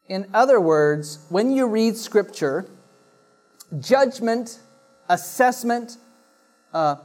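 A pastor in church reads a scripture passage aloud, then explains it to the congregation in a sermon, often pausing on uh and restarting phrases. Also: medium pitch, a little mellow.

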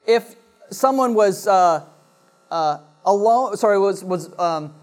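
A pastor in church reads a scripture passage aloud, then explains it to the congregation in a sermon, often pausing on uh and restarting phrases. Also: medium pitch, animated, darkish tone.

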